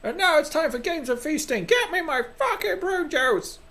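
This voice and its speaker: A man's voice: extremely high pitch, expressive, moderate pace, sharp tone, pitched above the performer's own voice, exaggerated voice. A man voicing a cranky older woman who leads a colony council, speaking pompously with grumpy outbursts.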